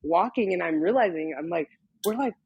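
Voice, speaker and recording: A young woman tells a story in a relaxed interview, filling every phrase with "like" and breaking into laughs as she acts out what she said. Her voice is a little husky, and the recording sounds dull and lo-fi. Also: fairly low pitch, fairly quick, no echo. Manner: chatty, many "like" fillers, laughs often, quotes herself. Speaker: guest model.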